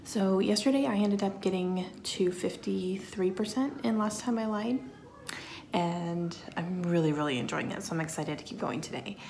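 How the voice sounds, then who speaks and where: A woman's voice: on the low side, moderate pace, vocal fry, darkish tone, slight background noise. A woman in her thirties chatting casually in a reading vlog at home, upbeat and laughing often. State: talking around a mint in her mouth. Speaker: book vlogger.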